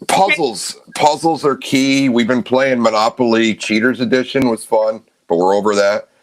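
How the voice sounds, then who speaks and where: A man chatting as a guest on a video call, laid-back and halting, with many fillers. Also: mid-range voice, animated. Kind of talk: casual chat.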